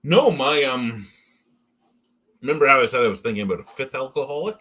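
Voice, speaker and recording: A man co-hosting a beer review live stream, telling loud, profane stories in casual chat. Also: mid-range voice, brisk. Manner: loud, profane, animated storytelling. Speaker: beer review podcast co-host. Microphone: headphones and mic at home.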